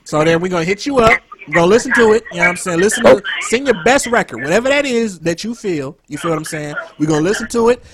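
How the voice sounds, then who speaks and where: A man's voice: sits high, animated, fast talker, few pauses, background noise. A man hosting a radio show, talking in loose, joking slang with callers and his co-host. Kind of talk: casual radio banter.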